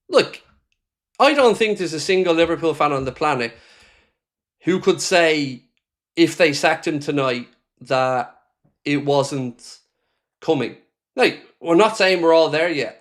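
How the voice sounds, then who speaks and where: Irish guy on a live fan stream, fired up and swearing, voice sits a bit high. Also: normal speed, long pauses. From Ireland. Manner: angry, ranting, swearing; reads viewer chat comments aloud. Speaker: fan channel host. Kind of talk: live match reaction stream.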